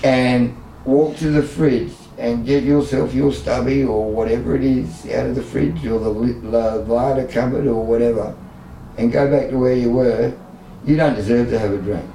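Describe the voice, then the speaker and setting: A man's voice: mid-range voice, fairly even intonation, normal speed, dark tone. Blunt Australian man telling stories. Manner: blunt, emotional, self-mocking humor. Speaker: service user guest. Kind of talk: candid conversational storytelling. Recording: echoey room, distant mic, faint background noise.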